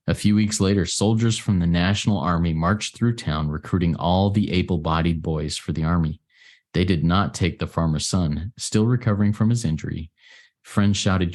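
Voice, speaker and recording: A man from the United States giving an earnest, reflective share at a recovery meeting, often pausing and restarting his sentences. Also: low-pitched, a little mellow. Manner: earnest, halting, with many restarts.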